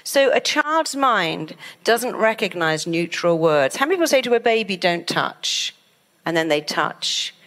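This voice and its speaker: A middle-aged woman giving a motivational talk, lively and acting out panicked inner voices as she explains. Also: fairly low pitch, a little slow. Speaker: hypnotherapist and speaker.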